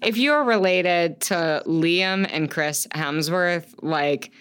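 A woman's voice: fairly low pitch, slow, fairly bright tone, smooth. A young woman co-hosting a podcast, recapping a movie in casual chat, swearing, laughing often and acting out the characters' lines. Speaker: podcast co-host.

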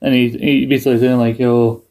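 A man's voice: mid-range voice, flat delivery, a little fast, vocal fry, darkish tone. A British man in his thirties co-hosting a podcast, talking in a rambling way with many restarts. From United Kingdom. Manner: rambling, hesitant, restarts a lot. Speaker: podcast co-host. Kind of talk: casual chat.

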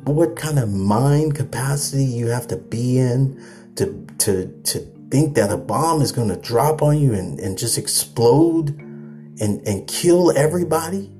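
A man's voice: a little high, dark tone. A man hosting a late-night podcast, ranting in a loose, repetitive way and laughing at himself. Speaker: podcast host.

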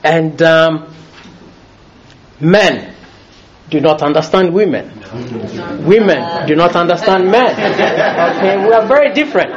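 A high-voiced, middle-aged man delivers a sermon, playful and quick to laugh. The sound is a little muffled and lo-fi. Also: a faint crowd. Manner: lively, jokey, often laughing as he talks. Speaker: preacher.

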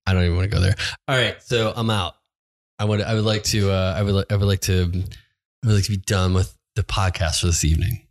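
A man co-hosting a podcast, chatting casually in a relaxed, joking and teasing way. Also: sits low, fast. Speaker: podcast co-host. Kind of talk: casual chat.

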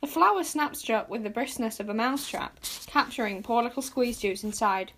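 A woman narrating a children's storybook aloud with lively, expressive storytelling. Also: on the high side, moderate pace, slight background noise. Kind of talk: storybook reading.

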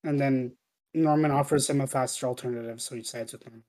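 A speaker chatting casually about a film, relaxed, often stammering at the start of a phrase. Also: medium pitch, fast. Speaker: film discussion co-host. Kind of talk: casual chat.

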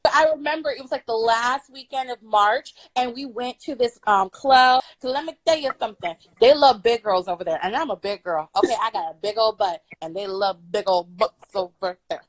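A young woman from Florida telling a true story on a live stream, loud, bubbly and playful, swearing freely. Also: on the high side, moderate pace, few pauses, dry recording, poor audio. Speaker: guest storyteller.

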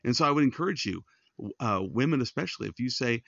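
A man's voice: mid-range voice, lively intonation, fast talker, gravelly, a bit bright, dry recording, muffled recording. A man hosting a devotional podcast, giving earnest, conversational Bible teaching straight to his listeners. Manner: earnest, pastoral, addresses listeners directly.

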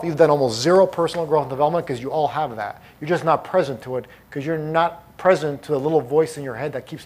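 A man's voice: fairly high pitch, darkish tone. A middle-aged man giving a live motivational talk, emphatic and punchy, hammering points home through repetition. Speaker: motivational speaker.

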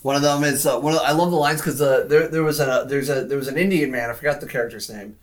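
A man's voice: medium pitch, steady tone, quick pace. Man, podcast co-host, easygoing film chat, loose and rambling, filler-heavy. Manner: rambling, heavy use of "like", frequent restarts. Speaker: podcast co-host discussing films. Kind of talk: casual chat.

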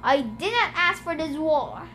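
Indignant god of the dead read by a woman; slow, high-voiced storybook delivery. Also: expressive, a bit bright, faint music behind. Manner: indignant, bellowing, grumbling. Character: male god of the dead, angry, complaining.

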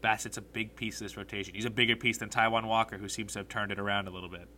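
A young man hosting a solo sports podcast, animated and blunt, swearing freely as he rants about his team. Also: on the low side, racing, slight background noise.

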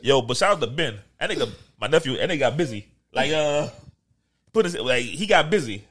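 A man hosting a podcast in casual chat, animated and laughing through slangy banter. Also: mid-range voice, a little fast, breathy edge. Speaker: podcast host.

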